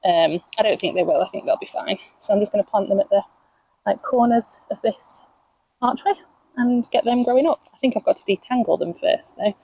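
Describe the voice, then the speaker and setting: A woman's voice: medium pitch, a little fast, gravelly, dark tone, husky, dry recording, muffled recording. A young woman from England chatting casually while planting on her allotment, talking to her plants and laughing at herself, recorded outdoors on a camera mic as she moves around. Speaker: allotment vlogger. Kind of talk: casual chat while gardening.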